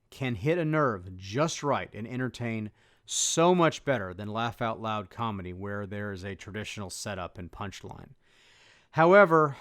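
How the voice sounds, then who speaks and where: A man hosting his own channel, reading a scripted introduction in an earnest, measured way. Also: medium pitch, clear, resonant tone. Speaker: YouTube channel host.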